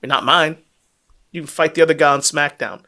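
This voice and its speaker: A man's voice: a little high, brisk, bright, forceful tone. A man doing a sneering, arrogant wrestling champ. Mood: dismissive.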